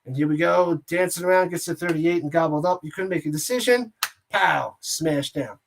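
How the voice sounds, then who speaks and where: A man hosting a watch party, giving casual play-by-play commentary in a jokey, excitable way that rambles between plays and shouts on big plays. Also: a little high, normal speed, gravelly, background noise.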